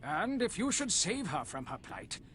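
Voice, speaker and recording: Booming mystical dream spirit. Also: male voice, big pitch swings, normal speed, a bit bright, slight background noise. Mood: solemn. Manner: solemn, booming prophecy speech. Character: grandiose mystical male dream-world spirit.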